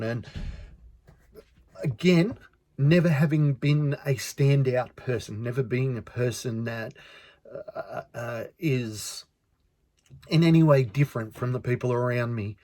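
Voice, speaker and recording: A man's voice: medium pitch, slow, mellow, no room sound. An Australian man hosting a podcast, telling a personal story in an earnest way and often repeating words as he talks. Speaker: podcast host.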